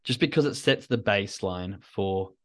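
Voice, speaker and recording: A man's voice: lowish voice, expressive, normal speed. A man hosting a solo podcast, talking in a rambling, reflective, self-coaching way. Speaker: podcast host.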